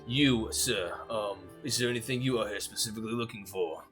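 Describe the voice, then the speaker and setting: A man voicing a gruff male orc armorer clerk who talks in an offhand, businesslike way. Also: fairly low pitch, brisk, fairly bright tone, faint music behind, close to an everyday voice. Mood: brusque.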